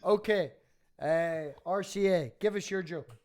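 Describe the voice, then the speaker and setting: A man's voice: sits high, a little slow. Swearing man telling a joke. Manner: swears freely, animated storytelling. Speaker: stream host. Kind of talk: casual stream chat, telling a joke.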